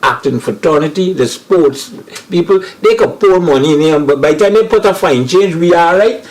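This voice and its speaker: Man, Guyanese accent, somewhat high voice, rambling, earnest, restarts sentences, panel chat. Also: animated, moderate pace, rough recording. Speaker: comedian guest.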